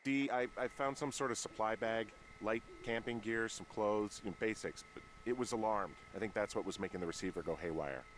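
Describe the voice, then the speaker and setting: An actor playing a weary middle-aged male fire lookout with dry, deadpan humor, in video game voice acting over game music. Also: on the low side, a little fast, a little hiss or hum, lightly acted, rough recording. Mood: wry.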